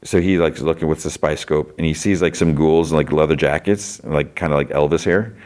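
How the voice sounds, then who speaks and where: A man's voice: extremely low pitch, fairly even intonation, a little fast, a little mellow. A man hosting a podcast, recapping an episode in a loose, rambling way and filling his talk with "like.". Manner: rambling, heavy use of "like". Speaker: podcast host.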